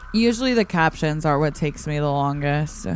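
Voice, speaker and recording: A tired woman streamer talks slowly through a hoarse, half-asleep morning voice. She chats loosely and giggles between game moments while she answers her viewers. Soft music plays faintly behind her. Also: deep voice. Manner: chatty and giggly, reading chat aloud. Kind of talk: casual gameplay livestream chat. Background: faint background music.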